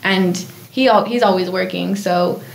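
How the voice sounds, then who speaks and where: A woman's voice: on the low side, steady tone, measured pace, creaky, slight background noise. A bubbly woman in her twenties, chatting casually as a podcast guest, giggling often and saying "like" a lot. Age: 20s.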